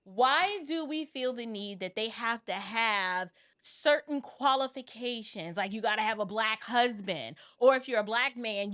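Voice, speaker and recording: A woman from the Bronx hosting a live online panel discussion over a video call, talking in a casual, animated and emphatic way. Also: fairly high pitch, no room sound, clean studio sound. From the Bronx, New York. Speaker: host.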